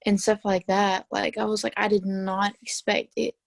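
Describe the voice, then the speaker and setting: A teenage girl chats about a book on a video call, talkative and emphatic. Her pitch is mid-range. The sound is dry and close. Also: little pitch movement, moderate pace, vocal fry, no room sound. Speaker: student in book discussion. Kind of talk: casual video call discussion.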